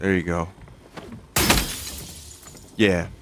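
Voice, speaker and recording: A man in his thirties with a low-pitched voice, streaming a horror game and riffing with chat. His humor is dry and offhand, and he speaks in relaxed, conversational bursts. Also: very slow, noisy background. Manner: dry, joking, talks to chat. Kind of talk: casual gameplay commentary.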